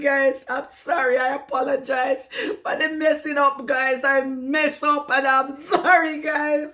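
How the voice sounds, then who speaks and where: A woman's voice: sits high, fairly even intonation, measured pace, a bit bright. A woman with a Jamaican accent in her home kitchen, speaking to a camera and repeatedly addressing her viewers as guys. She is nervous and embarrassed, near tears, laughing through her words. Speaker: cooking channel host. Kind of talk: emotional direct-to-camera confession. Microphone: camera set down in front of her.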